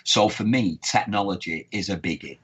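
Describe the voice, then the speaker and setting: A man with a sore throat chats casually as a guest. He rambles and corrects himself in a deep, husky voice. The recording sounds dull and lo-fi. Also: normal speed, fairly bright tone. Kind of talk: casual chat.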